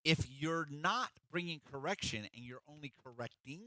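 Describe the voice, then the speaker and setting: Bright, emphatic man preaching a sermon. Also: fairly high pitch, expressive, normal speed, no room sound. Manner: emphatic, conversational preaching with acted-out quotes. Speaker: pastor.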